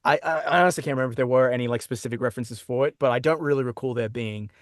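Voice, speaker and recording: A man with an Australian accent, chatting as a guest in an interview, talking in quick restarts and laughing easily. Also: medium pitch, no room sound, clean studio sound. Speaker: guest voice actor. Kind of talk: casual interview chat. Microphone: own microphone.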